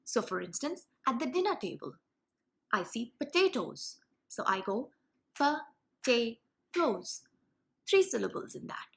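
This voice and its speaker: A young woman teaching early reading skills to parents and teachers. Her voice sits a little high and moves a lot in pitch. She explains clearly and stretches out the example words. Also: very animated. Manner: clear, carefully paced explanation with drawn-out demonstration words. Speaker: teacher and channel host. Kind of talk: instructional video for parents and teachers.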